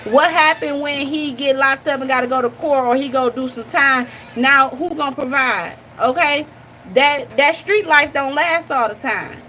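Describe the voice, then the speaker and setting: A woman's voice: sits high, moderate pace, pushed and bright, slight background noise. A young woman hosting a reaction channel, talking bluntly and animatedly straight to her viewers in casual commentary.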